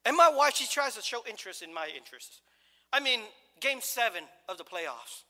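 Middle-aged male preacher, high bright voice, loose and joking, restarts often, heard in a reverberant church. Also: sing-song, moderate pace. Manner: conversational, jokey, with many restarts and acted-out quotes. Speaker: pastor. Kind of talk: sermon. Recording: long hall reverb.

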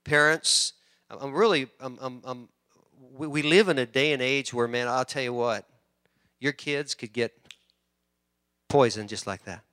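A middle-aged male pastor preaches a sermon in a mid-range, clear, resonant voice, captured as clean studio sound with no echo. He speaks a little slowly with long pauses, swinging between loud emphasis and quiet asides and often repeating words.

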